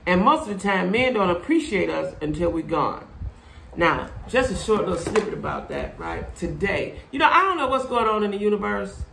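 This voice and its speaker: A middle-aged woman vlogs in a casual monologue, preachy and blunt, leaning hard on her points. Her voice has a gravelly fry to it. The room is echoey, with a faint hum of noise underneath. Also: medium pitch, sing-song, normal speed, fairly bright tone. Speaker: vlogger.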